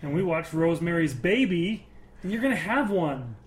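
A man's voice: on the high side, big pitch swings, normal speed. Joking man co-hosting a podcast. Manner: joking, teasing, rambling recaps. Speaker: podcast co-host. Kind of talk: casual chat.

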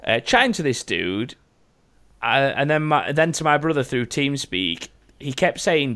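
Bright-voiced podcast host. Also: male voice, mid-range voice, sing-song, unhurried. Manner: rambling, jokey, swears freely. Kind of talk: casual chat, reading out listener stories.

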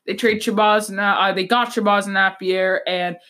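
A woman's voice: mid-range voice, fairly even intonation, normal speed, fairly bright tone. Woman doing a sports podcast, blunt opinions, rambly, keeps restarting her sentences. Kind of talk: casual sports talk.

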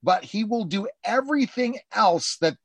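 A man hosting a political talk show, arguing emphatically and acting out politicians in quick asides. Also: sits high, husky, dry recording. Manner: emphatic, animated, mimics politicians in quoted asides. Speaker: show host and journalist.

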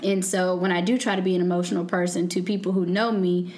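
A woman's voice: fairly low pitch, flat delivery, fast, a little mellow. A woman co-hosting a casual group podcast chat, talking earnestly and rambling with lots of "like" and "you know". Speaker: podcast co-host.

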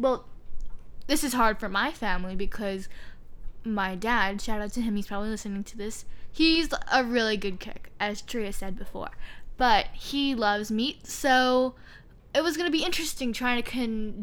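Young woman, podcast co-host, bright high voice, chatty, quick storytelling. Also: clean tone. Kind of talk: casual chat.

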